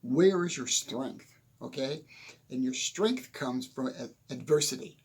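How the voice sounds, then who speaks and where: A man's voice: mid-range voice, expressive, slow pace, husky. An older man giving a casual motivational talk from a small, hot room at home, rambling with chuckles and self-deprecating asides. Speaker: motivational speaker.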